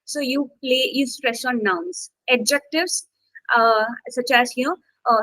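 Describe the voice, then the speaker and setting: A woman's voice: sits high, measured pace, a bit bright, no room sound, poor audio. A woman instructor teaching a live online exam-prep class, checking in often with "okay" and "got it" and stressing key words as she explains.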